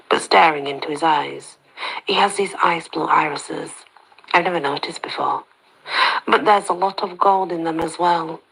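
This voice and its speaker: A woman narrating a story in the first person, soft-spoken and slipping into whispers. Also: sits low, creaky, husky, low-quality recording.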